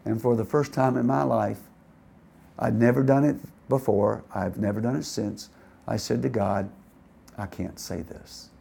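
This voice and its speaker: An older man preaching and telling a story in a sermon, stammering and repeating words as he talks with animated energy. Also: medium pitch, normal speed, gravelly, husky.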